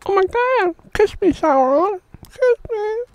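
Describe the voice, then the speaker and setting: A man doing a falsetto voice of a giddy, flustered young woman in a mocking comedic voice-over. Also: expressive, slow pace, no echo, exaggerated voice. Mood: swooning.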